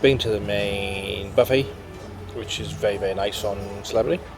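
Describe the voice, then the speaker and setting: With background music mixed in under him, a weary UK vlogger casually reviews the cruise cabin he's in, keeping things conversational and plain. He has a lowish, steady voice with vocal fry and talks at a normal speed.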